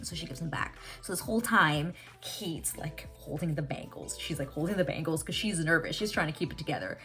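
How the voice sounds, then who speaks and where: A TV reaction vlogger with a low voice chats casually through an episode recap, talking a little fast. She gets worked up, her pitch swinging widely, and speaks in an excitable, unfiltered way while swearing freely, with faint music behind her.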